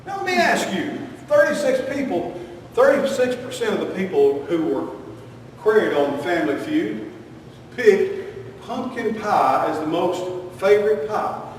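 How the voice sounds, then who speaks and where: High-voiced preacher in echoey hall. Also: male voice, sing-song, a little slow, a little hiss or hum. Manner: joking, folksy, uses Southern sayings. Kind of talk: folksy humorous sermon. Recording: echoey hall, distant mic.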